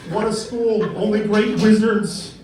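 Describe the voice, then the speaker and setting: A man's voice: high voice, fairly even intonation, measured pace, a little mellow. A stand-up comedian doing an impersonation of a boastful male head of a wizard school, drawn out and emphatic, on a club stage. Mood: bragging. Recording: echoey room, distant mic, noisy.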